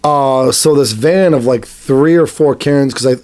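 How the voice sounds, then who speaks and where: A man's voice: normal speed, a little mellow. A man co-hosting a casual podcast, rambling through a story with many restarts and acting out the people in it. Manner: rambling storyteller, acts out quotes in high voices. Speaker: podcast co-host. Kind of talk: casual chat.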